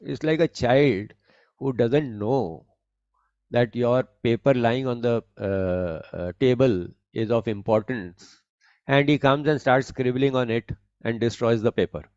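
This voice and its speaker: A man giving a spiritual discourse on scripture, speaking deliberately and explaining each point, often rephrasing as he goes. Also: mid-range voice, a little mellow, no echo, lo-fi sound. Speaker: spiritual teacher.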